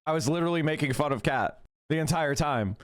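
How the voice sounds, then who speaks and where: A man's voice: fairly high pitch, quick pace. A man streaming political talk to his chat, arguing in a blunt, profane and mocking way. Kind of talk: live-stream rant to chat.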